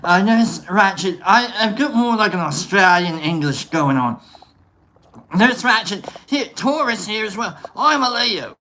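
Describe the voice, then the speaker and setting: A man's voice: high-pitched, lively intonation, a little slow, pushed and bright, heavily acted. A man doing a hammy, joking mock English-Australian accent while chatting to viewers on a livestream. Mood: jokey. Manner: joking, rambling, reading out viewer names.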